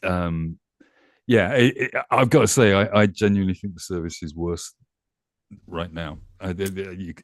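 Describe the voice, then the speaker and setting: A man's voice: deep voice, normal speed, no echo. A man from the United Kingdom talking on a casual panel chat, with wry, dry humor.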